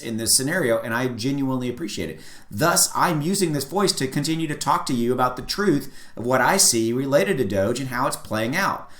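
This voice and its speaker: A man hosting his own video, giving a casual, earnest opinion talk, emphatic and repetitive with frequent restarts. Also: medium pitch. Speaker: crypto video host. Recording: echoey room.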